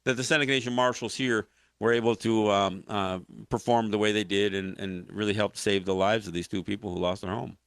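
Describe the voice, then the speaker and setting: A man's voice: on the low side, a little fast, clean tone, dry recording, studio quality. A man hosting a political talk show, arguing a point with passion and many restarts. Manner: animated, impassioned commentary with frequent restarts.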